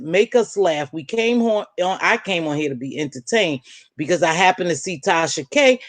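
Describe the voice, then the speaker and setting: A woman hosting a live stream, chatting and reacting to her chat in an emphatic, preachy way, calling viewers "baby". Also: dry recording. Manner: animated, swings pitch up and down. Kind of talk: casual live stream commentary, reading chat.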